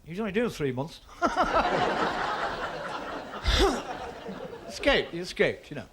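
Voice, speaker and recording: A man's voice: high-pitched, huge pitch swings, very slow, very noisy. A man telling long joke stories on stage in a stand-up act, with a rambling patter and voiced characters. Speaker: stand-up comedian.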